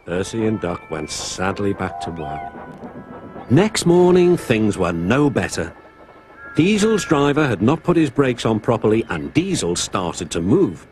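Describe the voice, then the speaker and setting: A man narrating a children's story in an expressive, lilting way, with music behind. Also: lowish voice, unhurried.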